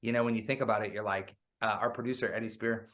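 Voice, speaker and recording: A man talking about making a record in a relaxed, animated interview. He tells stories with plenty of energy and keeps dropping "man" into his sentences. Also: on the low side, fast talker. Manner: animated storyteller, says "man" often. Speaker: guest musician. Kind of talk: casual interview chat.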